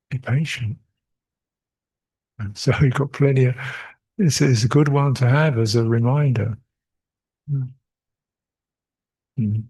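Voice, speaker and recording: An older Buddhist monk answers questions at a meditation retreat in a dharma talk, his husky, mid-range voice warm and slow. He pauses often, reflects aloud, repeats short phrases, and chuckles a lot.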